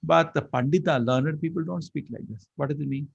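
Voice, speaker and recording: A man's voice: a little high, fairly quick, gravelly, slightly rough, highs cut off. A man teaching a scripture class, chanting Sanskrit verses and explaining them line by line. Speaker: Bhagavad Gita teacher.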